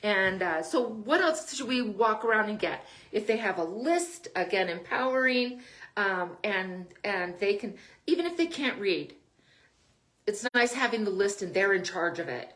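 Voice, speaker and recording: A woman's voice: medium pitch, lively intonation, unhurried, a bit bright. Chatty older woman giving parenting advice. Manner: chatty, laughs often between points. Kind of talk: casual advice talk.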